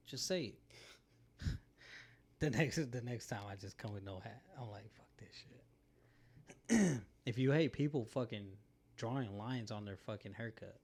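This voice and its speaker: A man's voice: on the low side, darkish tone. Young male co-host, laid-back and rambling, casual profanity, filler-heavy chat.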